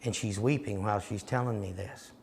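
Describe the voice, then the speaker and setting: A man delivers a storytelling sermon in a low, gravelly voice. He is emphatic and direct, like a seminar teacher speaking plainly to his listeners. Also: fairly even intonation, brisk, a little mellow, slight background noise. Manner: recounts dialogue, emphatic and direct.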